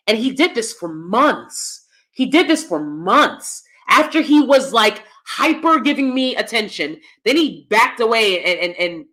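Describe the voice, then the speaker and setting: A woman vlogger telling a personal story in a blunt, profane, emphatic way, and calling herself loud. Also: a little high.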